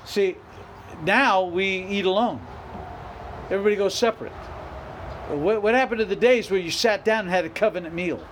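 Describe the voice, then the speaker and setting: In a high-pitched voice, a middle-aged man preaches as a pastor, pressing his points through repetition and rising emphatic outbursts. His pace is moderate with long pauses, and the poor recording carries a faint underlying noise.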